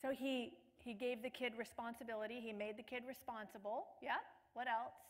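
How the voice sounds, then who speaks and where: A woman leading a parenting workshop, energetic, asking the group questions and repeating their answers. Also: on the high side, fairly quick. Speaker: parenting class leader. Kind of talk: interactive workshop teaching.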